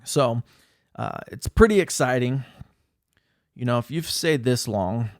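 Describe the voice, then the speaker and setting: A man with a middle-pitched voice talks straight to camera, loose and chatty, often breaking into laughter at himself. The sound is dry and close, with no room echo. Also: unhurried. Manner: laughing, self-mocking, animated storytelling. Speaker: vlogger. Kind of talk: casual talking-head vlog.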